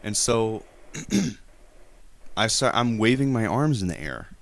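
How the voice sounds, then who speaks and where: A man's voice: fairly low pitch, very animated, slow pace. A man on a live stream prank call, telling a rambling, hesitant story and defending himself in a mock-earnest tone. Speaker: prank caller.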